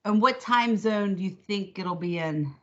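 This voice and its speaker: Woman attendee, casual questions, mid-pitched voice, dull call audio. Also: unhurried. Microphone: video call.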